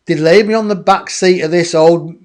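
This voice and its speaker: A man, a guest in an interview, telling a personal story in a lively way and acting out other people's voices. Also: a little high, moderate pace. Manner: animated, acts out others' voices.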